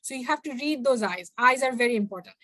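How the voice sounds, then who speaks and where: A young woman giving a workshop talk, addressing the audience directly in an animated way. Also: sits high, rapid-fire, no echo. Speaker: workshop speaker. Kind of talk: workshop talk mixing two languages.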